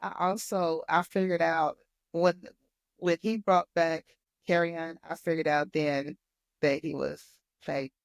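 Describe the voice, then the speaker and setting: Lower-pitched woman on a book podcast, laid back, lots of mm-hmms, dry sound. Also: slow pace, vocal fry, dry recording. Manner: relaxed, agreeable, short backchannel replies. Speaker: podcast co-host. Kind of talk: casual book chat.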